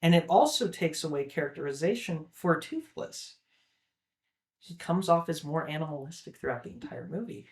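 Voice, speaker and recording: A young man with a somewhat high-pitched voice co-hosts a relaxed film chat. He talks with eager enthusiasm, looping back on himself and leaning on casual fillers as he works through his points. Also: moderate pace. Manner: enthusiastic, rambling with many "like" fillers. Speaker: podcast co-host.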